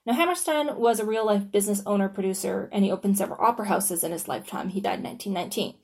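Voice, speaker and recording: A woman's voice: mid-range voice, rapid-fire, vocal fry, a little mellow. A woman hosting a podcast in a casual solo monologue. She talks in a chatty, informal way, with lots of "you know" and "like", and swears freely. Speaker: podcast host.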